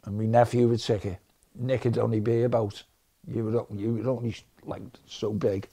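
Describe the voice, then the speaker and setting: A middle-aged man recounts football stories in an interview. His voice is warm and mellow, pitched in an ordinary male middle range. He talks in a lively, chatty way. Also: normal speed. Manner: chatty, lively anecdote-teller. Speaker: football fan. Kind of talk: documentary interview storytelling.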